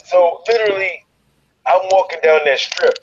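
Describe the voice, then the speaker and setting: A man from Chicago telling a wild story in an interview, profane and animated, leaping into loud quoted voices. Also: high-pitched, moderate pace, muffled recording, a little hiss or hum. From Chicago, USA. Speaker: guest, fighter.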